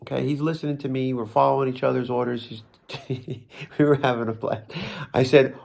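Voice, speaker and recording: Brief: gravelly New Jersey guy, rambling comic storyteller who makes fun of himself. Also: mid-range voice, flat delivery, a little fast, a little mellow. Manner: rambling, self-mocking, frequent restarts and laughs.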